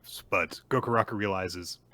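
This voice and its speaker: A man's voice: low voice, normal speed, bright, forceful tone. A man co-hosting a podcast, casually retelling a manga chapter in a chatty storytelling way. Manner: chatty storytelling, acts out dialogue. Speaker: podcast co-host.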